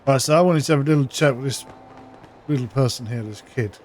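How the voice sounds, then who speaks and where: A man's voice: mid-range voice, fast, darkish tone, faint music behind. A man giving casual, chatty gameplay commentary, thinking aloud as he plays. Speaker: gaming channel host.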